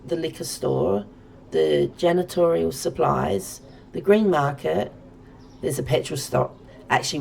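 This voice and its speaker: Australian woman, 40s, game streamer; low, strongly gravelly voice, chatty and rambling. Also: a little mellow, a little hiss or hum. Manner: chatty and rambling, talking to viewers while playing. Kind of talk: casual let's-play chat.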